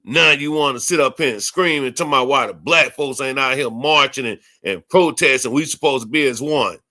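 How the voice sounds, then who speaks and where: A man's voice: medium pitch, moderate pace, sharp tone. A man hosting a livestream, ranting angrily with heavy profanity and repeated phrases. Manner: angry, profane, repetitive. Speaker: livestream host.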